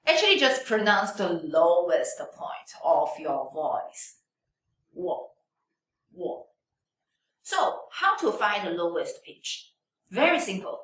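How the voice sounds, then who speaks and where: Slow, lively woman language teacher. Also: fairly low pitch, slight background noise. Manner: drawn-out demonstrations of tones. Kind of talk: teaching pronunciation. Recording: echoey room, mic at a distance.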